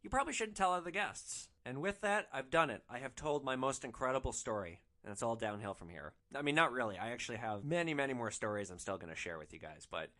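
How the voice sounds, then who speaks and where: A man hosting a storytelling podcast, animated and excitable, swearing casually as he recounts his stories. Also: medium pitch, fast, hardly any pauses. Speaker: podcast host, rideshare driver.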